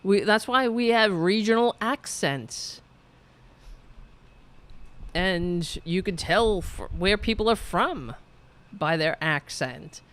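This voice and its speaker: A woman's voice: medium pitch, expressive, slow, long pauses. A woman hosting political commentary, ranting in a profane, sarcastic and heated way and reading out viewer chat. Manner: reads viewer chat aloud.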